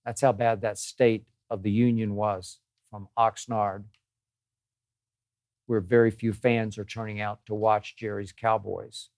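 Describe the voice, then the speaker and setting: A man's voice: lowish voice, level tone, a little slow, darkish tone, dry recording, studio quality. An older man hosting his own sports show, delivering an emphatic, exasperated opinion monologue and repeating phrases for effect. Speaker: host.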